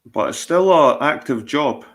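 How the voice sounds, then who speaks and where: A man's voice: on the high side, animated, unhurried, a bit bright. A middle-aged Scottish man chatting casually on his livestream, rambling, swearing and repeating himself. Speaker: livestream host.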